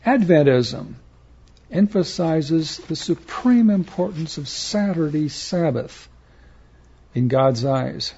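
Slow gravelly male preacher, lo-fi. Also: fairly high pitch, animated, warm tone, a little hiss or hum. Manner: earnest, emphatic, doctrinal. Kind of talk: slow measured sermon reading. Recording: dull lo-fi recording.

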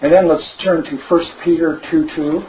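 A man preaching a sermon, slow and emphatic, with lively asides. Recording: dull low-fi recording with faint noise.

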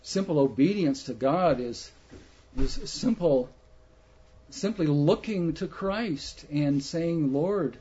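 A man preaching a sermon slowly and emphatically, putting rhetorical questions to his listeners. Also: a little high, warm tone, slightly rough. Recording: muffled lo-fi recording.

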